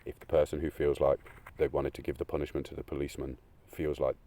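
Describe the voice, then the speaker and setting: Gravelly deep man, tearful monologue. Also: level tone, quick pace. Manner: rambling, swearing, swings between loud and hushed. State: crying. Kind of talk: emotional unscripted monologue.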